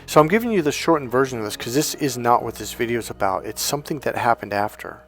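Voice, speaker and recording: A man's voice: mid-range voice, expressive, fairly bright tone, soft background music. Emotional man telling a painful story. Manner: emotional, halting, repeats and restarts words. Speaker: life coach. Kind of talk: personal storytelling to camera.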